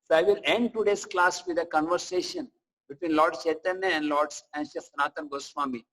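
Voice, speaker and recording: A man giving a scripture class, telling stories in a chatty, animated way with asides to listeners. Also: on the high side, a little fast, rough recording. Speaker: preacher.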